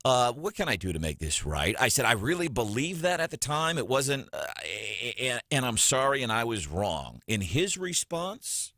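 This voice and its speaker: Male radio host, chatty and expressive, lively pitch, dry close sound. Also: normal speed, creaky, hardly any pauses, no room sound. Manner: chatty, animated, laughs often. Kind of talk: morning radio talk. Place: radio studio.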